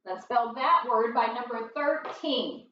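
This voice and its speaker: A woman teaching a phonics lesson, sounding out words slowly and patiently for young learners. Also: a little high, lively intonation, fairly bright tone, reverberant, distant mic, lo-fi sound.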